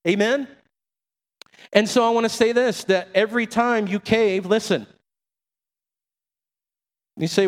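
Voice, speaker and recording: A middle-aged man preaches from a church sanctuary in a high voice. He keeps throwing asides back to the congregation, and his words ring out with a long hall reverb. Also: steady tone, measured pace, pauses often. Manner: preaching with call-and-response asides. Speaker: pastor. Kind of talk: sermon.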